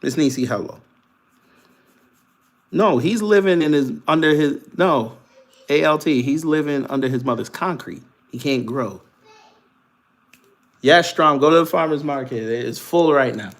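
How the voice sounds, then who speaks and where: A man's voice: fairly high pitch, measured pace, pauses often. A man hosting a livestream, giving casual political commentary and mocking commenters in a vernacular American accent. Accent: African American Vernacular English. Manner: mocking, trash-talking commenters, laughing. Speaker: livestream host.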